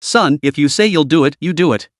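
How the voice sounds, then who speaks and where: A man voicing a stern but proud father, speaking firmly and slowly. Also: a little high, dry recording, clean studio sound, close to an everyday voice. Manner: firm, slow, stern.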